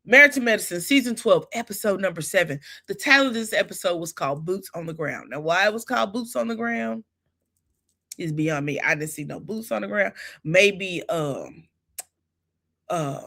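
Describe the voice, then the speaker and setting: Female livestream host, bright and punchy, casual chat with a lot of "honey" and "child.". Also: mid-range voice, gravelly. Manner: animated, Southern-style endearments like honey and child. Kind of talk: casual live chat recap.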